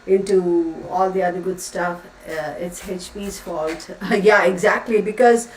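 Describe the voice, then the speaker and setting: Chatty woman with a low voice in an echoey room. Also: steady tone, measured pace, distant mic. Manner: chatty, rambling, reads out viewer comments. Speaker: tarot reader livestream host. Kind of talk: casual chat with live viewers. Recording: echoey room, voice off the mic, faint room noise.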